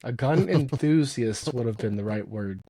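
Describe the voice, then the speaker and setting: A man hosting a podcast, telling stories in casual chat and quoting others in lively voices. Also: medium pitch, normal speed, breathy edge. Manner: animated storyteller, quotes others in lively voices. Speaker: podcast host.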